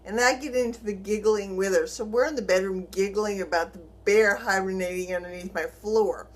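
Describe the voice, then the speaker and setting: A middle-aged woman vlogging, telling a personal story in a lively way and acting out the dialogue. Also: medium pitch, normal speed. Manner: animated, acts out quoted dialogue, chuckles while telling.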